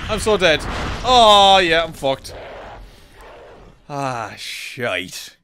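An Irish man commentating as he plays a shooter game, excitable and swearing freely, often yelling at enemies. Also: a little high, drawn-out words, long pauses, a little hiss or hum. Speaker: streamer. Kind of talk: gameplay commentary.

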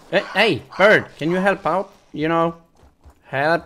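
A man's voice: fairly high pitch, takes it slowly, fairly bright tone, a little hiss or hum. A man doing let's play commentary, swearing a lot, yelping and shrieking in panic, stuttering as he talks to his viewers. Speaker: gaming channel host.

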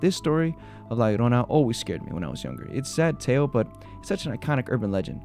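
A video host with a mid-range, gravelly, sing-song voice retells urban legends at a quick clip. He swings between spooky storytelling and joking reactions, with soft music playing under his voice.

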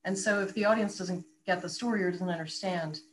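A woman voice coach in a conversational interview, talking in an articulate, animated and explanatory way. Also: on the low side, fairly quick, a little hiss or hum, low-quality recording. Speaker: voice coach and radio guest.

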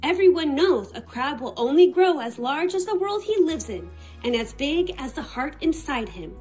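A woman voicing a big, wise old male crab in a storybook read-aloud, calm and instructive. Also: sits high, moderate pace, soft background music.

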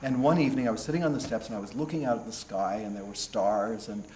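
A man from California with an American accent, recounting his path into stage acting in an unhurried, reflective way, often restarting and trailing off. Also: on the low side, a little mellow. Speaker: stage actor being interviewed. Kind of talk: reflective storytelling interview. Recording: roomy echo, faint background noise.

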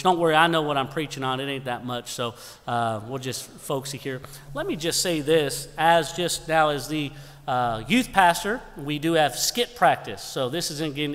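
A man's voice: on the high side, fairly bright tone. A man, youth pastor and assistant pastor, telling a folksy joking story and giving church announcements from the pulpit. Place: church sanctuary. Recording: long church hall reverb.

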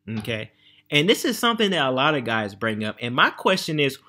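A man's voice: mid-range voice, very animated, a little fast, bright, forceful tone. An American man vlogging about travel and money in an emphatic, conversational monologue, often checking in with his listeners. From United States. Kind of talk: casual monologue to camera.

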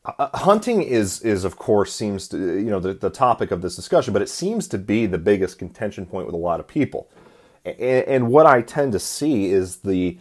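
A man's voice: low voice, animated, a little fast. A man hosting a solo podcast, talking in an earnest, preachy way and often restarting his words. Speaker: podcast host.

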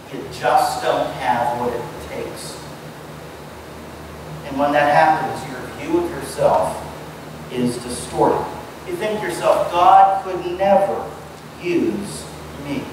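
A male pastor preaching a conversational sermon and putting direct questions to his listeners. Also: sits high. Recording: distant mic in a reverberant room with background noise.

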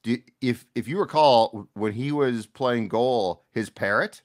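A man's voice: mid-range voice, measured pace. A man appearing as a sports writer guest, talking casually and trading jokes with the host. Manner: lively, joking banter.

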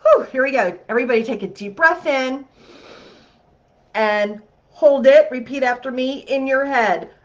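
A woman's voice: high voice, brisk, few pauses, muffled recording. A woman hosting a healing masterclass. She talks the group through an exercise in an upbeat, chatty way and often checks in with "okay?".

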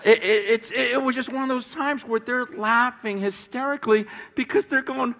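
High, bright-voiced preacher in an echoey hall. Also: male voice, normal speed, few pauses. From United States. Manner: animated, repeats words while telling stories. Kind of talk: sermon storytelling. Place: church sanctuary.

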